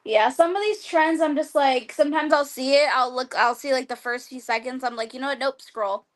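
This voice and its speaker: A talkative woman speaks as a guest on a streamed interview over a video call. Her voice sits a little high, and she rambles casually, with constant "like" fillers and easy laughter. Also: brisk. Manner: chatty, lots of "like", laughs often. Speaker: guest wrestler.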